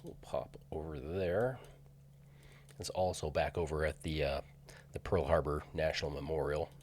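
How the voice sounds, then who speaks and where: A man's voice: a bass voice, moderate pace, darkish tone, a little hiss or hum. A man casually walking through filming locations on screen, hesitant with many fillers and restarts. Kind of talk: casual screen-share walkthrough.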